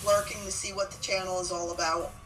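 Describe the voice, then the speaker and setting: A woman's voice: on the low side, little pitch movement, fast talker, a bit bright, distant mic, soft background music, low-quality recording. A woman co-playing on a game stream, talking casually with many hesitations and restarts. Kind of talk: casual gaming chat.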